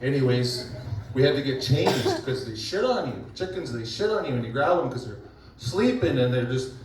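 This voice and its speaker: A man's voice: medium pitch, expressive, moderate pace. A man doing a crude, rambling stand-up set, often laughing at his own jokes. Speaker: stand-up comedian. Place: comedy club stage. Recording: echoey club from far off, audience noise.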